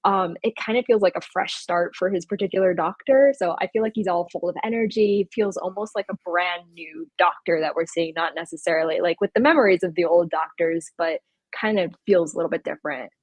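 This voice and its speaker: A woman's voice: on the low side, a little fast, no echo. Woman, podcast co-host, casual fan chat, giggly, dry close mic. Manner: giggly, hedging, lots of "like" and laughs. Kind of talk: casual pop-culture chat.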